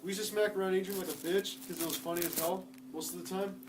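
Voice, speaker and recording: A man's voice: sits high, steady tone, fast talker, noisy background. A young man co-hosting a casual chat, rambling through school stories full of swearing and acted-out quotes. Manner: rambling storyteller, swears a lot, acts out quoted voices. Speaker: podcast co-host. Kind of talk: casual chat among friends.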